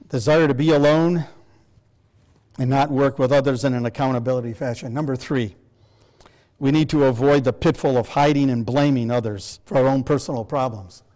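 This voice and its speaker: A man's voice: mid-range voice, a little mellow. An older man preaching a sermon to a congregation, emphatic and full of rhetorical questions. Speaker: pastor.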